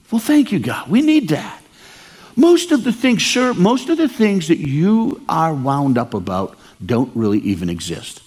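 An older man from Maine preaching a storytelling sermon, animated and acting out the dialogue. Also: moderate pace, breathy edge. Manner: animated, acts out dialogue with big pitch swings.

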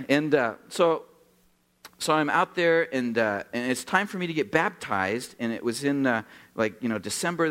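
A man in his sixties from Oregon preaching a sermon, telling stories with acted-out dialogue and joking with the congregation. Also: a little high. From Oregon, USA. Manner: animated storytelling, acts out dialogue, jokes with the congregation. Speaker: pastor.

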